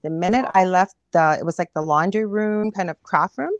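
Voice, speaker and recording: A woman from Canada speaks as an interview guest, pitched a little low and recorded dry and close. She retells her story vividly and with animation, as if reliving it. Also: moderate pace, no room sound, muffled recording. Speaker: guest medium.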